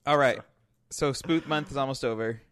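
A man's voice: mid-range voice, a little fast, a bit bright, clear, resonant tone, no echo, studio quality. A young man co-hosting a casual gaming podcast, joking around and laughing often. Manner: jokey, laughs often, trying a mock Australian accent. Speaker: podcast co-host. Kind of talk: casual chat.

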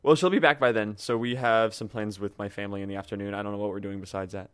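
A young adult man hosting a casual gaming podcast, chatty and relaxed, laughing easily. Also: fairly low pitch, quick pace, clear, resonant tone, no room sound, studio quality. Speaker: podcast host.

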